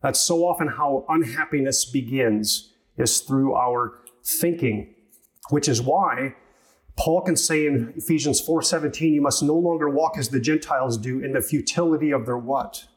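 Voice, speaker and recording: A man preaching a sermon as pastor, teaching through a passage in a measured, explanatory way and pausing on rhetorical questions. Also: mid-range voice.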